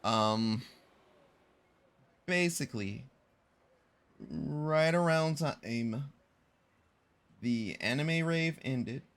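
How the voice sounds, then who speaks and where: A man's voice: mid-range voice, drawn-out words, pauses often, fairly bright tone. A young man chatting casually on a live stream, rambling and correcting himself as he tells a story in slangy talk.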